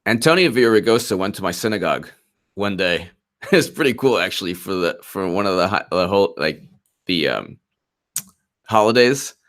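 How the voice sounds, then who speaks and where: Low-voiced with a fairly bright tone, this political livestream host provides live commentary on polls and viewer chat. He's giggly and mocking throughout, frequently breaking into laughter.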